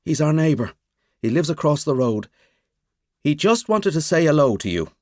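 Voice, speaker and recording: A man's voice: on the high side, sing-song, moderate pace, darkish tone, no room sound, studio quality, voice pushed up. A man voicing a frightened, defensive middle-aged husband who pleads and then soothes his sick wife in an audiobook. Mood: soothing.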